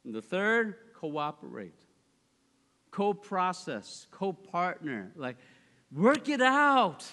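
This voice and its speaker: A man preaching a sermon, animated, swinging between loud, high exclamations and quiet, low asides. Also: slow pace. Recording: long hall reverb.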